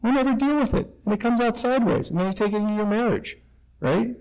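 Animated middle-aged priest giving testimony. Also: male voice, high voice, quick pace, smooth, poor audio. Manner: animated, self-deprecating, jumps between loud and hushed. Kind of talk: personal testimony talk to students.

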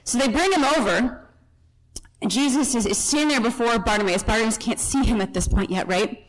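Woman Bible teacher, conversational storyteller, slightly higher voice, who acts out the scene as she goes. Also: a little fast, rough recording. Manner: chatty asides and self-corrections.

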